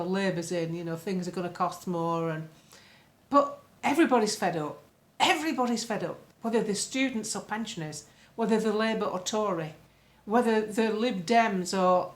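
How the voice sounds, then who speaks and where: An older woman from the UK giving a casual, rambling political monologue to her followers, laughing often between points. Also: mid-range voice. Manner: chatty, laughing, rambling asides. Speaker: political commentator. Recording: echoey room.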